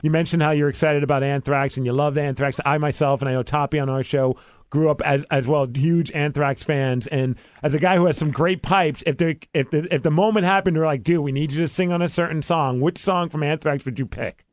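A man's voice: a little high, fairly even intonation, fairly quick, no room sound. A man hosting a radio show, talking in an enthusiastic, loose and chatty way into a studio microphone. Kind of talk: casual radio interview chat.

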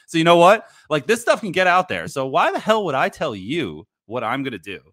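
A man's voice: on the high side, very animated, fairly quick, fairly bright tone, dry recording, studio quality, pitched above the performer's own voice. A man playing a defensive, evasive male basketball team executive on a remote call. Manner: evasive, needling, rising to an indignant tone.

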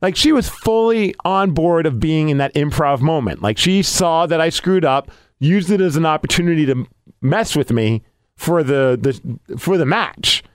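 A man hosting a podcast tells a story in a casual, animated way, acting out his own reactions as he goes. His voice sits a little high, and the sound is dry and close to the mic. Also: moderate pace, smooth, dry recording. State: losing his voice. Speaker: podcast host.

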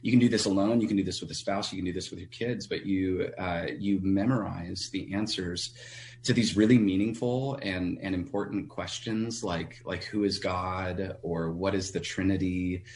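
A man, a pastor, telling a personal story as a radio guest in an earnest, halting way with frequent restarts. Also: sits low, fairly even intonation, a little mellow, slight background noise.

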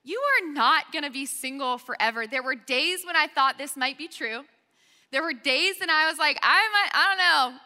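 A young woman gives a sermon in a chatty, conversational way, her high, very bright voice ringing through a reverberant church hall. She keeps checking in with her listeners. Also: animated, moderate pace. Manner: chatty storytelling, frequent "okay?" and "like". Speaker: speaker at a college ministry gathering.

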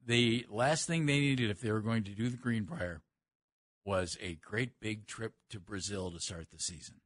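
A man's voice: fairly low pitch, normal speed, dry recording, studio quality. A man co-hosting a sports radio show, giving emphatic opinions in casual talk. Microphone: studio microphone.

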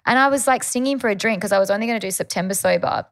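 Fast-talking Australian woman co-host. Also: medium pitch. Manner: fast, filler-heavy chat, frequent "like", swears. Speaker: podcast co-host. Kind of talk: casual chat.

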